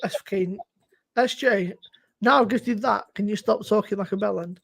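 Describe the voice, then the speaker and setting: A man's voice: high-pitched, normal speed, gravelly, fairly bright tone, slight background noise. A man chatting bluntly on a casual beer livestream, mocking the others and swearing.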